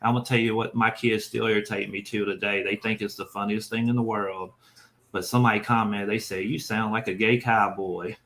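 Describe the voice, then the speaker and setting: Low-voiced Southern man telling stories. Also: little pitch movement, brisk, fairly bright tone, rough recording. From Mississippi, USA. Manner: folksy storytelling with laughs. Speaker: dumpster diving YouTuber. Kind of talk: casual live chat.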